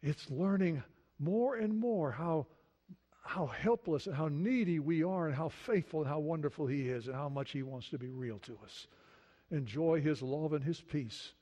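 A middle-aged male pastor preaching a sermon earnestly, moving between hushed prayerful passages and emphatic points. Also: on the high side, animated, normal speed, lo-fi sound.

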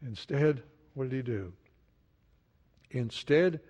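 A man preaching a sermon, asking his listeners many questions and dropping from loud emphasis to a hushed, quiet voice. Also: mid-range voice, lively intonation, a little slow, pauses often. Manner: dynamic preaching, swings from loud emphasis to hushed near-whisper. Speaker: pastor.

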